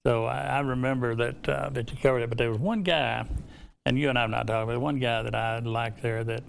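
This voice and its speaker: A man's voice: medium pitch, steady tone, fairly quick, vocal fry, a little hiss or hum. An older man from Alabama with a Southern accent, hosting a casual interview chat and telling stories in a rambling, hesitant way. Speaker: host.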